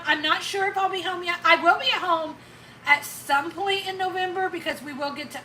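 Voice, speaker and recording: A woman's voice: high-pitched, sharp tone, slight background noise. A middle-aged woman from Indiana with a light Southern Kentucky accent, chatting casually with viewers on her channel and answering them by name. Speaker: YouTube channel host. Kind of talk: casual live chat with viewers. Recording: roomy sound from a distant mic.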